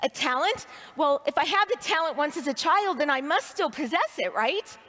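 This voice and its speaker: A woman's voice: high voice, expressive, moderate pace, sharp tone. A woman giving a personal story speech to an audience, expressively acting out her inner voice. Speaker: speaker at a leadership training event. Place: large hall with audience. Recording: reverberant hall sound.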